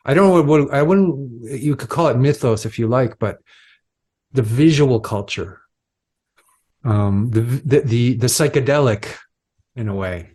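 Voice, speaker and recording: Halting, reflective male podcast co-host. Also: medium pitch, a little mellow. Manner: halting, many restarts and repeated words. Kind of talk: casual philosophical conversation.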